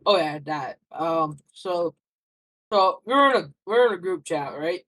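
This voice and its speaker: A man's voice: sits high, lively intonation, a little slow, pushed and bright, low-quality recording. A young man answering interview questions casually, rambling through a story with lots of fillers and restarts.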